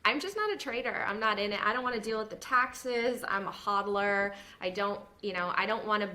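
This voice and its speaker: A woman and former news reporter, now a podcast host, talking casually in an interview, animated and laughing often. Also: medium pitch, brisk. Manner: animated, laughs often, mimics others in quotes.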